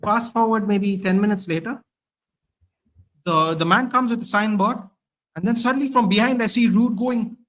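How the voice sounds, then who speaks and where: A man's voice: high voice, normal speed, fairly bright tone. Exasperated man ranting about football. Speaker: guest football fan. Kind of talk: live match reaction chat.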